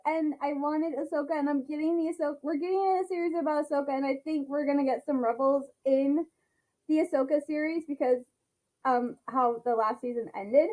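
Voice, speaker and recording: A young woman reacting to a trailer at home, gushing and bubbly, chatting excitedly to her viewers. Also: sits high, brisk, low-quality recording. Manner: gushing, bubbly, talks to viewers as "you guys". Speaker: reaction vlogger. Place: home, seated at a chair.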